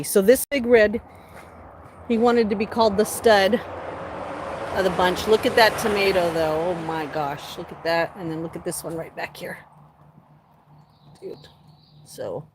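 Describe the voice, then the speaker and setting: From her home garden, a woman livestreams casual chat on a handheld phone, talking to her plants by name. Her voice is fairly low in pitch with a darkish tone.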